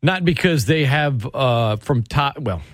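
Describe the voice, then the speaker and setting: A man's voice: measured pace, no echo. Radio sports guy ranting about football, bouncy up-and-down voice, dry studio sound. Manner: animated, sarcastic, swings pitch for emphasis. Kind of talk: opinionated sports talk.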